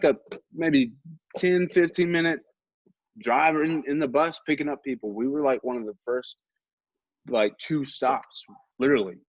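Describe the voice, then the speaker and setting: A young man hosts a podcast and tells a rambling, self-mocking story in a casual way. His voice sits at an ordinary middle pitch. The sound is dry and a little dull, like a lo-fi recording. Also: dry recording. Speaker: podcast host.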